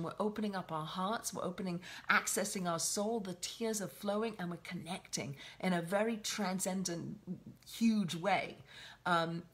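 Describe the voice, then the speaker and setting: A woman teaching a weekly Torah portion in a reflective, unscripted way. She circles back on her phrases and restarts them as she thinks aloud. Her voice sits at an ordinary middle pitch for a woman. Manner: reflective, with frequent restarts and repetition. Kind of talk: spoken Torah lesson.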